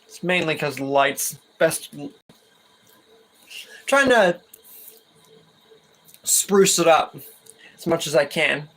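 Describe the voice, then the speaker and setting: A man's voice: a little high, lively intonation, takes it slowly, pauses often, fairly bright tone. A man hosting a gaming channel, rambling in a chatty casual way over gameplay. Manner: rambling and chatty, with fillers and restarts.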